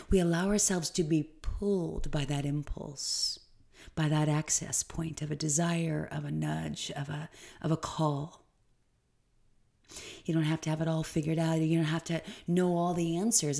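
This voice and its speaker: A woman's voice: deep voice, creaky, warm tone. A woman hosting a solo spiritual podcast, talking in a rambling, stream-of-consciousness way with emphatic moments. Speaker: podcast host.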